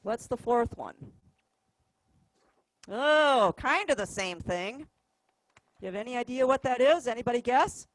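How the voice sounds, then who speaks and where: A woman music teacher leads a class, talking patiently and counting out notes and beats aloud. Her voice sits a little high. The sound is dry and close, with almost no room echo. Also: expressive, measured pace, long pauses. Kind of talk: classroom instruction.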